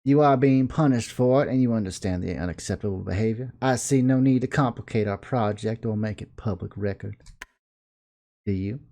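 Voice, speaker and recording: A man with a Southern accent voicing a stern, formal male school official who speaks in a measured, composed way. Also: lowish voice, mellow, close to an everyday voice. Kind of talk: video game dialogue reading.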